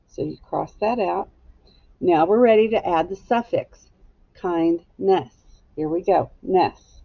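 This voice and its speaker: Casting: woman teacher, husky and a bit low, patient, lo-fi recording. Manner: slow, clear, patient teacher talk. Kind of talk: phonics lesson for children.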